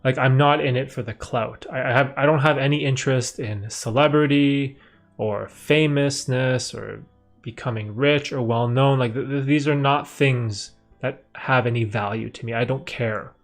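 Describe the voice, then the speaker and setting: A man's voice: mid-range voice, steady tone, moderate pace, soft background music. A young man from Canada hosting a casual live stream, answering viewer questions in a rambling way with many fillers and restarts.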